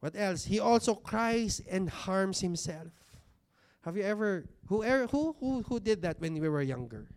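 A man with a high-pitched, animated, darkish voice preaches to a congregation seated in a church hall. He talks conversationally and asks rhetorical questions, stressing important words by slowing down and drawing them out.

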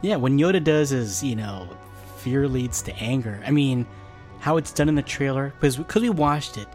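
A man in casual chat who is relaxed, laughs easily and asks questions. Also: medium pitch, moderate pace, soft background music.

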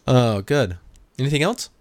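A man with a mid-range voice co-hosts a casual podcast, wry and loose, and breaks into laughter often. The sound is dry and close, with no room echo. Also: mid-range voice. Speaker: podcast co-host. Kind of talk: casual chat.

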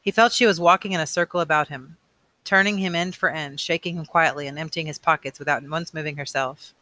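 A man reading a novel aloud, unhurried, with casual asides and small slips. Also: fairly high pitch, steady tone, sharp tone, dry recording. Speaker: reader.

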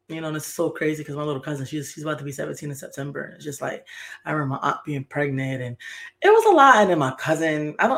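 Woman, 30s, podcast host, casual storytelling, profane slang, rambling, candid. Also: low-pitched.

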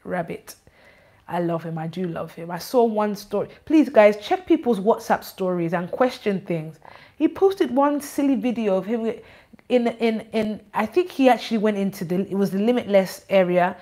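A woman giving an informal church address, animated, teasing and scolding. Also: mid-range voice, moderate pace. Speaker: church leader.

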